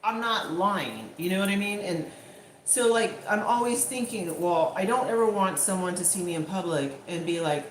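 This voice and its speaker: A woman's voice: fairly low pitch, moderate pace, slight background noise. A woman vlogger in casual chat, talking in a loose, chatty way full of fillers. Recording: echoey room, faint ambience.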